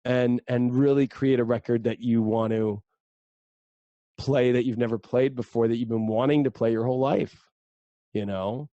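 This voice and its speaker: A man speaking as a guest astrologer in a casual podcast chat, energetic and rambling, now and then slipping into playful voices. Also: medium pitch, normal speed, no echo, highs cut off.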